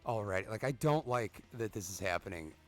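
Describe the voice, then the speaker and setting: Swearing gamer dad ranting over gameplay, voice jumps all over the place. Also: male voice, fairly low pitch, animated, normal speed, soft background music. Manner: profane, ranting; exasperated reactions to the game. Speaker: gaming channel host. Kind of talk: gameplay commentary with storytelling.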